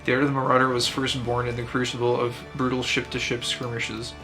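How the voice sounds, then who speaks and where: A man's voice: mid-range voice, completely flat delivery, fairly quick, natural voice. A man reading the lines of a stern, battle-scarred male axe guild master in a grandiose, formal manner, over faint game music. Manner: grandiose, formal read-aloud delivery.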